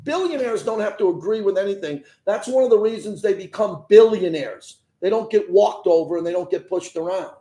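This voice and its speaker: A man's voice: high voice, animated, brisk, hardly any pauses, dark tone, roomy sound, poor audio. A man hosting sports talk radio, arguing with callers and firing off rhetorical questions. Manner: combative, fires rhetorical questions.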